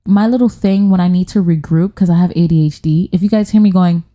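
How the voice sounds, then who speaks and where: Woman podcaster reading stories, swears a lot, goes off on tangents, mellow voice right on the mic. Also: on the low side, quick pace. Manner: blunt, profane, goes on tangents. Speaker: podcast host. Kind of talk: casual chat reading online stories aloud. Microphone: studio microphone.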